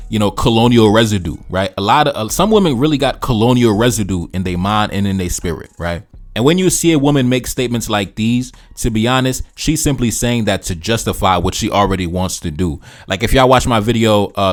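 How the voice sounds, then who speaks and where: A man hosting reaction commentary in a preachy, repetitive way, often calling the listener brother. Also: lowish voice. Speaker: commentary channel host.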